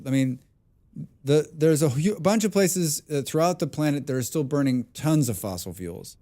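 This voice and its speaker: A man's voice: a little high, expressive, normal speed, mellow. A man talking casually on a live game stream, rambling and thinking aloud with many restarts and the odd swear. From abroad, lives outside his birth country. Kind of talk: casual live-stream chat while gaming.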